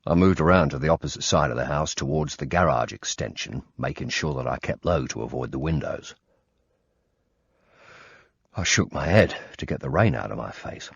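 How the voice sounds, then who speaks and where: A man reading a first-person thriller audiobook in a tense, measured way. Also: very deep voice, lively intonation, vocal fry, breathy edge, dry recording. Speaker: audiobook narrator. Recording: dull lo-fi recording.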